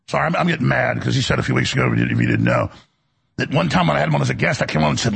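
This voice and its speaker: A middle-aged man with a gravelly, raspy voice, hosting a heated, digressive political monologue. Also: a little high, animated, racing, a bit bright. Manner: angry ranting, digressive, voice swings up when worked up. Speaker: talk show host.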